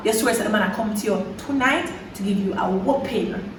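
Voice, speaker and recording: A young woman from Jamaica with a Jamaican accent, telling a story in a lively, dramatic way with patois slipping in. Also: medium pitch, a little fast, roomy sound, distant mic, a little hiss or hum, low-quality recording. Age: young adult. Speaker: vlogger. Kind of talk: storytime chat.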